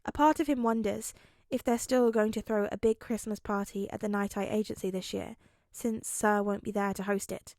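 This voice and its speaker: A woman reading fan fiction aloud as an audiobook, with a gentle, chatty manner. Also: medium pitch, steady tone, moderate pace, no room sound, studio quality. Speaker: podfic reader.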